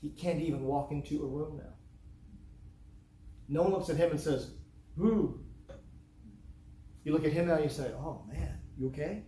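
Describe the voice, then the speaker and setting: A man's voice: on the high side, steady tone, a little fast, long pauses, dark tone. A man from the United States preaching a sermon in earnest, repeating his points in rhetorical lists. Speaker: pastor. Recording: echoey room, faint background noise.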